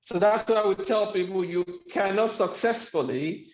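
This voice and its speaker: A man with a fairly high voice delivers a motivational training talk, stressing and repeating his main points. The recording is echoey and a little dull, as if made in a bare room. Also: normal speed. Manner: emphatic, repeats key phrases. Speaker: webinar trainer. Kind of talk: motivational lecture.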